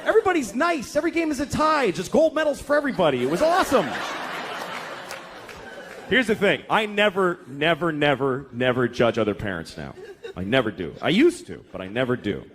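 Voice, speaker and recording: A man's voice: on the high side, very animated, fairly quick, fairly bright tone. A middle-aged man doing a stand-up comedy set, ranting in an exasperated way and acting out the people in his stories, with audience laughter behind him. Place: comedy stage before a live audience. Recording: faint crowd and noise of a live show.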